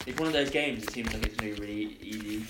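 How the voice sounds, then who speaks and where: A man's voice: lowish voice, quick pace, background noise. A young man co-hosting a podcast, blunt and sweary in casual banter. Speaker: podcast co-host. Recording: roomy echo.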